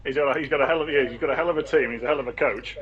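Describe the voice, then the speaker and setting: A man co-hosting a casual talk show, talking quickly with swearing and chuckled asides. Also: mid-range voice, dull audio, a loud crowd. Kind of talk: casual banter about tabletop game league.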